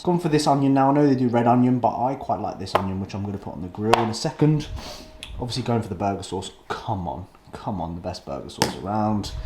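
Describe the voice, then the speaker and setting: A man's voice: on the low side, roomy sound, background noise. A man, rambling and swearing cheekily in a casual vlog from his home kitchen. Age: 20s. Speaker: fitness vlogger.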